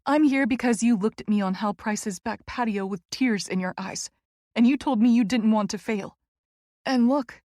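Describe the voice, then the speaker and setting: A woman's voice: on the high side, a little mellow, no echo, studio quality. A woman narrating a first-person romance audiobook in an earnest, emotional way.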